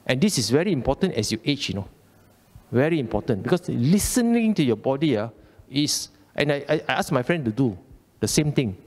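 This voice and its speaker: A man's voice: medium pitch, very animated, brisk, long reverb tail. Chatty Malaysian man giving a Dhamma talk. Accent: Malaysian English. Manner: chatty, colloquial, repeats phrases, asks "okay?" often. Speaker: Buddhist Dhamma speaker. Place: temple hall.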